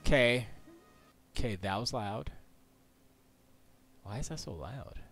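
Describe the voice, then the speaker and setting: A man's voice: on the low side, lively intonation, unhurried. A man chatting casually on a live stream from his music studio, rambling and slipping into mumbled near-whispers and nonsense rhymes.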